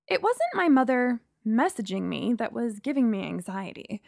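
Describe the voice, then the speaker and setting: A young woman reading a first-person story in a reflective, measured way. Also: fairly high pitch, very animated, creaky, dry recording, studio quality, soft background music. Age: young adult. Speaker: narrator.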